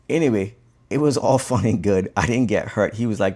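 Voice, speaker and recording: This Cayman Islands bonefish guide tells a fishing story in an easygoing, conversational way as he ties a fly, his medium-pitched voice fairly quick and marked by vocal fry.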